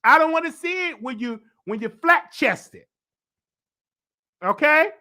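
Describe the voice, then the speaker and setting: Animated stuffy-nosed man dishing gossip. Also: a little slow. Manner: animated, swoops up high for emphasis. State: congested, stuffy voice. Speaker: host of a celebrity gossip show. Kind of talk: opinionated celebrity commentary.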